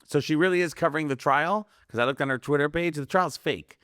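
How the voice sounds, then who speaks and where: A man's voice: on the high side, a little fast, fairly bright tone, clean tone, no echo, studio quality. A man talking casually as a guest on a podcast, rambling from story to story and acting out the voices of people he quotes. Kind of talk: casual conspiracy podcast chat.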